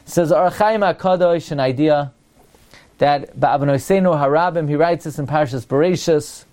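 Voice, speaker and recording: A man, his carrying a lilt, gives a Torah class in a fairly high voice. He poses one question after another and slows down to read each verse. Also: darkish tone. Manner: asks rhetorical questions, quotes Hebrew verses slowly. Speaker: rabbi teaching Torah.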